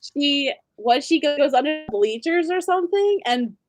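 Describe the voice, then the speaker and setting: Emphatic higher-voiced woman podcaster. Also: lively intonation. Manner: emphatic, quick to laugh. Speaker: podcast co-host. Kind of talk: casual recap chat.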